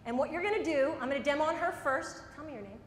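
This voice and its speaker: A woman leading a live workshop, giving direct, brisk advice and running a demonstration for a group. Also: high voice. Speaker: workshop trainer. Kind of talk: live workshop lecture and demo. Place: meeting room before a group. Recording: echoey room, mic at a distance.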